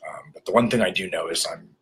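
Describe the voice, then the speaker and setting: A man's voice: sits low, big pitch swings, moderate pace, pushed and bright, a little hiss or hum. A worn-out man rambling through a candid video diary in a self-described bad British accent, hesitant and full of fillers. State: mentally exhausted. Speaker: vlogger.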